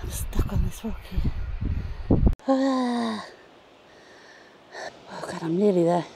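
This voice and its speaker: A woman's voice: on the low side, steady tone, brisk, heavy background noise. An older woman vlogging casually as she scrambles through a rocky gorge outdoors, chatting to the camera as she goes. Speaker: travel vlogger. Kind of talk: casual hiking commentary.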